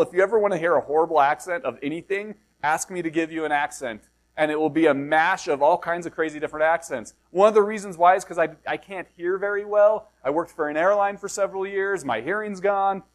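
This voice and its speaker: A middle-aged pastor from the United States delivers a sermon in a high voice. He preaches conversationally, explaining a passage and often asking his listeners rhetorical questions. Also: a little fast.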